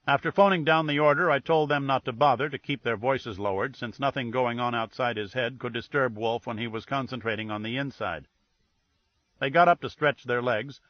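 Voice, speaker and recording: A man's voice: medium pitch, no echo. A man reading first-person detective narration in a dry, wry way. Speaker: audiobook narrator. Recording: dull dry audiobook recording.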